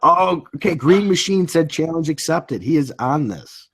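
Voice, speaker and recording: A man's voice: a little high, expressive, normal speed, noisy background. A man with a cold hosting a casual comic book chat, reading out live comments and laughing often. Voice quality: husky. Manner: laughs often while talking. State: has a cold. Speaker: podcast host.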